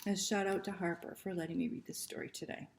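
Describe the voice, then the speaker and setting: A woman librarian reading a picture book aloud to children, gentle and soft-spoken, often dropping into a hushed near-whisper and asking the children questions. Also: lowish voice, fairly even intonation, quick pace, gravelly, noisy background.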